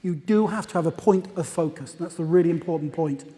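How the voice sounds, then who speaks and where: Fairly high-voiced man presenting in a hall. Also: brisk, mellow. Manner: conversational, anecdotal, with asides. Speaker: conference speaker. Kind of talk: conference presentation. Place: conference hall. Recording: long reverb of a lecture hall.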